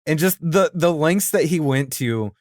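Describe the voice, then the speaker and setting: A man co-hosting a cartoon podcast, animated and easily amused, laughing often as he retells scenes. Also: on the high side, a little slow, no room sound, clean studio sound. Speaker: podcast co-host. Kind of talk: casual chat about cartoons.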